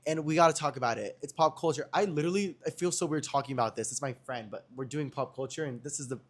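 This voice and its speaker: A young man hosting a podcast who tells gossip stories in a chatty, slangy way and keeps addressing his viewers directly. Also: mid-range voice. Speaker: podcast host. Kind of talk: casual gossip storytelling.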